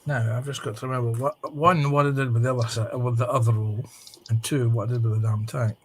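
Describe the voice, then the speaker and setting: A man's voice: mid-range voice, steady tone, fast talker, a little hiss or hum. A Scottish man chatting casually and teasing friends while building a model. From Scotland. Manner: teasing, dry humour.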